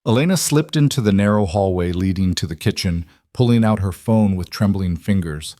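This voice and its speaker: A man reading a story aloud in a measured, even way. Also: deep voice, no room sound, studio quality. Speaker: narrator. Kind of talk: scripted story narration.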